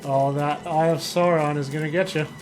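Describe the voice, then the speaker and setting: A man's voice: fairly high pitch, fairly even intonation, normal speed, background noise. A man streaming and chatting casually, rambling and interrupting himself while he talks. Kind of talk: casual chat while gaming.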